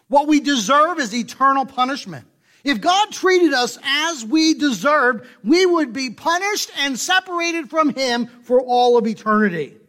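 This is a man preaching a sermon as a pastor, emphatic and heavy on rhetorical questions. Soft, low asides alternate with loud, stressed points.

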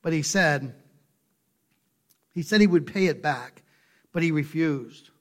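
A male pastor preaching a sermon, emphatic and full of rhetorical questions, dropping to soft low asides and rising to loud stressed points. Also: takes it slowly.

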